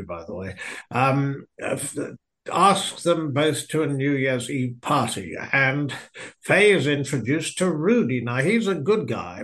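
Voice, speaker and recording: A man's voice: mid-range voice, a bit bright. A man reviewing a film in casual chat, wry and rambling, with frequent hesitations.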